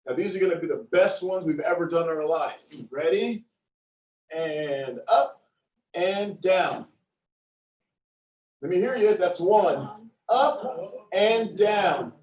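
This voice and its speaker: A man leads a seated exercise class in a fairly high voice, counting down reps and cheering everyone on. He sounds playful and encouraging. The recording is roomy and echoey, with him standing a little back from the mic. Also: slow, long pauses, a little mellow, distant mic. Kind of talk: upbeat class instruction with counting.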